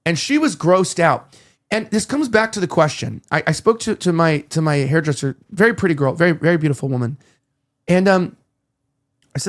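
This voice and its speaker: A man's voice: fairly high pitch, lively intonation, a little fast. A male podcast host in casual chat, rambling as he tells stories and acts out quoted dialogue.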